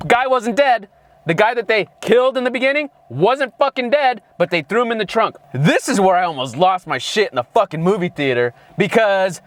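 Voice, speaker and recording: A man co-hosting a casual movie review rants sarcastically, swearing constantly and sounding thoroughly exasperated. His voice sits high and a bit bright, and the recording is dry.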